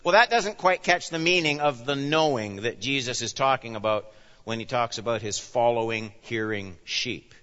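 A man preaching with a bright, forceful voice that rises loud and then drops to a hush. He speaks as a pastor in an emphatic sermon. The sound is a bit dull and rings with long reverb from a large hall. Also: medium pitch, normal speed. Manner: emphatic, swings from loud declarations to hushed asides.

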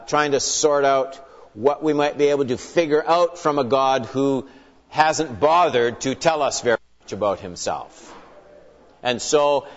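Earnest man teaching in a reverberant hall. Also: fairly high pitch. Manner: earnest, emphatic, with wry asides. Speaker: Bible teacher. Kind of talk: teaching lecture opened with prayer. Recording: long hall reverb, dull lo-fi sound.

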